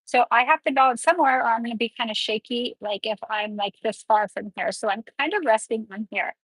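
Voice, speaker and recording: Woman nail educator, chatty step-by-step delivery, husky tone, dry close sound. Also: a little high, a little fast, fairly bright tone, no echo, rough recording. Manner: chatty, explains each step while working. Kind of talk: live nail tutorial.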